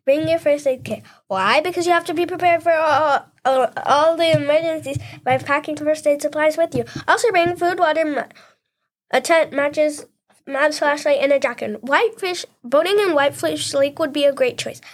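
A young woman co-hosting a playful podcast, sassy in banter and rushing through facts she reads out. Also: high-pitched. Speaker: podcast co-host.

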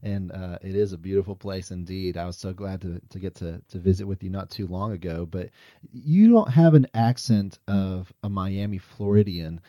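A man's voice: deep voice, moderate pace, no echo, muffled recording. A man hosting a podcast, talking enthusiastically with lots of "uh" fillers and frequent laughs. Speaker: podcast host. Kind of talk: podcast intro and interview.

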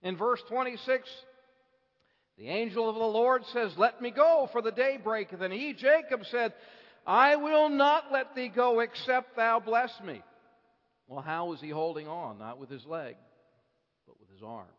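Male preacher, slow measured sermon delivery, hushed to impassioned, echoing church hall. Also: very high voice, lively intonation. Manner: builds from hushed to impassioned, slow deliberate phrasing. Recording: dull lo-fi recording with long hall reverb.

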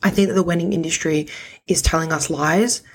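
A woman hosting her own podcast, telling a personal story in a chatty, expressive, slangy way. Her voice sits low for a woman. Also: a little fast, slightly rough. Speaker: podcast host. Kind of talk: casual storytelling monologue.

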